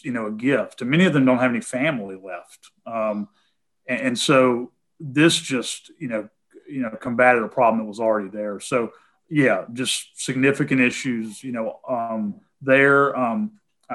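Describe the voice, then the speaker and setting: Hesitant man with a Tennessee accent. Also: mid-range voice. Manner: hesitant, full of "um" and "you know". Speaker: guest answering callers' questions. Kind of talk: casual call-in conversation.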